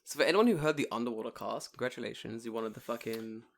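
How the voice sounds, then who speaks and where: Young male podcast co-host, gravelly edge, lively, profane storyteller. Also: medium pitch, quick pace. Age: 20s. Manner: animated storytelling, swears freely, laughs often. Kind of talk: casual chat.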